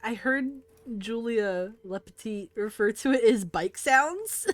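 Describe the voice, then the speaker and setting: A woman running a tabletop game, narrating at a slow, unhurried pace. Her voice sits mid-range and sounds close and dry, with no room around it. She pauses often and fills the gaps with small ums. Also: fairly high pitch, dry recording. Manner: relaxed, slow and halting with fillers. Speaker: game master.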